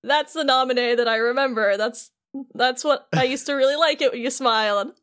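A woman's voice: high voice, a little fast, a bit bright, clear, resonant tone. A woman co-hosting a casual podcast, retelling a game's story scene by scene and quoting the characters in her own voice. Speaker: podcast co-host.

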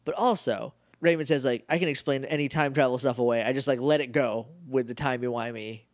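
A man's voice: mid-range voice, steady tone, a little fast, no room sound, studio quality. A man co-hosting a podcast, chatting casually with a rambling, jokey manner and lots of fillers. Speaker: podcast co-host. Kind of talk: casual chat.

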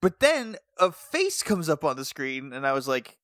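A man's voice: a little high, moderate pace, dry recording, studio quality. A man co-hosting a podcast in casual chat, joking and acting out quoted lines. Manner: animated, laughs and jokes, acts out quotes. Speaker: podcast co-host.

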